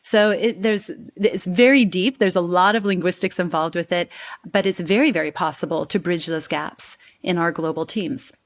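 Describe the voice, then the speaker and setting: A woman, speaking as a guest coach in an interview and lively demonstrating pronunciations. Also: lowish voice, normal speed. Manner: animated, demonstrates pronunciations and quotes people. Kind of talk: conversational interview.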